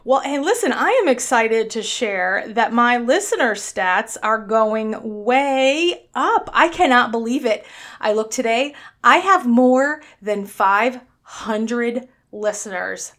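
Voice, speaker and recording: A woman's voice: fairly high pitch, animated, takes it slowly, fairly bright tone. A woman with a New York accent hosting her own weight-loss podcast in a chatty, upbeat, blunt and self-mocking way. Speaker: podcast host.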